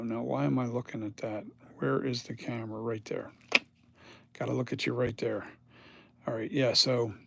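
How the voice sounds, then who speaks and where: In his home workshop, a middle-aged mask maker who seems worn out talks casually and meanderingly to the people watching, recording on a phone camera. The voice is mid-range, gravelly and slightly rough, with no echo.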